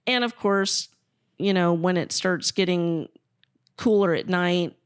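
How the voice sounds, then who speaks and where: A woman co-hosting a podcast, telling a story in a casual, animated way and swearing freely. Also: lowish voice, takes it slowly, clean tone, no room sound, studio quality. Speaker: podcast co-host.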